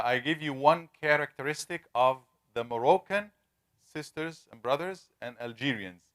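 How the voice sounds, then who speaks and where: Man teaching a class, drilling sounds. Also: mid-range voice. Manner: repeats sounds slowly to demonstrate pronunciation; conversational, asks the class questions. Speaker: Quran recitation teacher. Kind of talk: classroom lesson with questions. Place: classroom with students.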